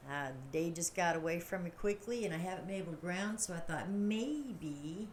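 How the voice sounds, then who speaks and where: This livestream host, a middle-aged woman, speaks at normal speed in a fairly low voice with lively intonation. Her talk is casual and rambling, full of laughter, over a faint hiss or hum.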